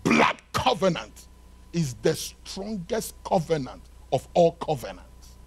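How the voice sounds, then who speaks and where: Man, pastor, church sermon, husky, slightly high voice, dramatic swings in volume. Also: very animated, slow pace. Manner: preaching with dramatic swings between shouting and hushed tones; acts out dialogue between lovers.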